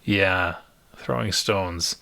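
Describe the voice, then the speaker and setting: A man runs a tabletop game at a slow, wry pace. His voice sits low and the sound is dry and close, with no room around it. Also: vocal fry, sharp tone, no room sound. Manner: slow, wry narration with puns and laughs. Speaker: game master.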